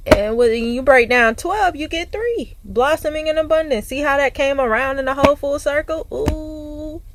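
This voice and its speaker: Woman card reader, animated and profane, casual spiritual chat. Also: high voice, normal speed, background noise.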